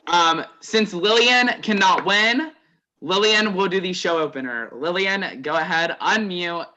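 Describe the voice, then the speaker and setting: A man's voice: high voice, measured pace, sharp tone, rough recording. A man hosting an online competition game over group voice chat, loose and chatty, with laughs between announcements.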